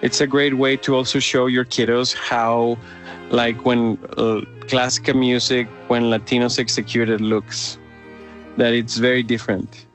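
Excited Mexican-accented man talking opera. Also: medium pitch, unhurried, faint music behind. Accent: Mexican Spanish. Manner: enthusiastic, restarts often, sings out demonstrations. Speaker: opera company director, interviewee. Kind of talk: casual interview talk.

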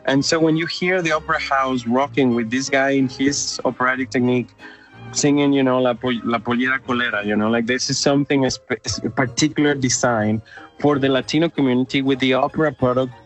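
An eager man with a Mexican Spanish accent talks in a loose, casual interview, starting sentences over as his enthusiasm runs ahead of him. His pitch sits in a middle range, and soft music plays faintly underneath. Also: steady tone, a little fast. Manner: enthusiastic, restarts often, sings out demonstrations. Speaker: opera company director, interviewee.

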